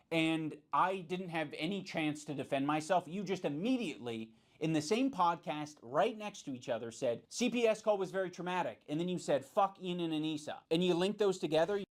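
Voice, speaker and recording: A man's voice: fairly high pitch, lively intonation, moderate pace. A man in a commentary video, speaking in an accusatory, sarcastic way.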